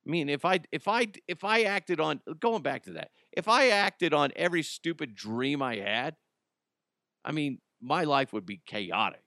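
A man's voice: a little high, lively intonation, normal speed, bright, forceful tone, no echo, studio quality. A man hosting his own podcast alone, rambling and joking and laughing at his own stories. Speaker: podcast host. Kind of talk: casual solo podcast monologue.

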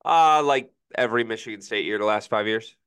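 A young man co-hosting a relaxed sports podcast. His voice sits a bit low. He weighs his takes out loud and often admits he isn't sure. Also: a little fast, clear, resonant tone. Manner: hedging, thoughtful, many "I don't know"s. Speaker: podcast co-host. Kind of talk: casual sports podcast chat.

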